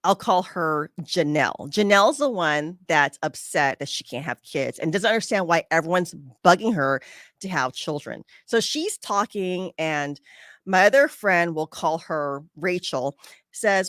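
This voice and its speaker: A woman's voice: lowish voice, unhurried, dry recording, clean studio sound. A woman podcast host telling a personal story and giving casual advice, acting out her friends' lines as she goes. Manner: animated, acts out quoted friends.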